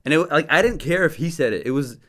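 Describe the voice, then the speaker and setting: A young man from Michigan casually telling a story as a podcast guest, animated and slangy, laughing and swearing as he goes. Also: fairly high pitch, fast. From Dearborn, Michigan.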